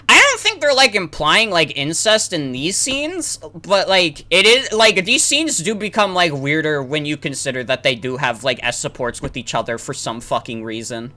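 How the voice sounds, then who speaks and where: A woman streaming a game, ranting loudly with lots of swearing and "like" fillers. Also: low-pitched, very animated, normal speed, hardly any pauses. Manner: profane, loud, lots of "like" fillers. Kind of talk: ranting let's-play commentary.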